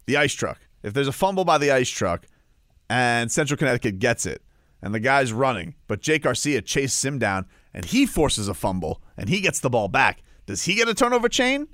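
Animated, ranting sports talk man. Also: mid-range voice, moderate pace, no echo, clean studio sound. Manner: animated, mock-outraged, ranting. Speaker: sports radio co-host. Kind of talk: casual sports banter.

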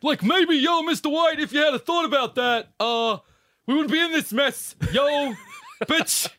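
A man doing an impression of a brash, slangy young male sidekick, pushing his voice high. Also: a little slow, pushed and bright, slight background noise, heavily acted.

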